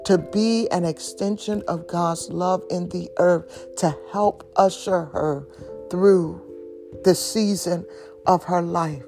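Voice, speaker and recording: A middle-aged woman sharing an emotional personal testimony, halting at times with soft laughs. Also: on the low side, creaky. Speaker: speaker giving testimony. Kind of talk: slow, heartfelt personal testimony. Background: faint instrumental music.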